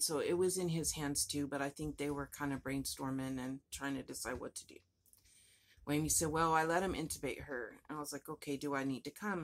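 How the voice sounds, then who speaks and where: A woman's voice: deep voice, slight background noise. Rambling woman telling a story. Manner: rambling, emotional, voice breaking at times. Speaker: vlogger. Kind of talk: personal storytelling.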